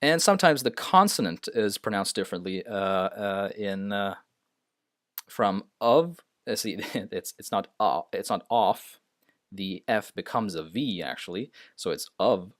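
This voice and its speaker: A man's voice: on the low side, lively intonation, measured pace, fairly bright tone, no room sound, studio quality. A man teaching a lesson off the cuff, hesitant, with many fillers and restarts. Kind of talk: unscripted screen-share lesson.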